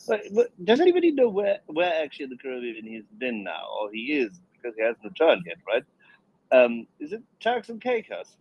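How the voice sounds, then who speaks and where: Animated guy on an online panel, muffled lo-fi sound, keeps pushing his point. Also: medium pitch, a little fast. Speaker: panel participant. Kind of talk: casual panel chat.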